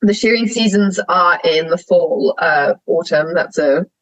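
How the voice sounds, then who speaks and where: In a candid conversational interview, a young woman who works as a sheep shearer talks frankly and animatedly as a podcast guest, laughing a lot through her stories. Her pitch is fairly low and her delivery unhurried. The recording is low quality and has no echo.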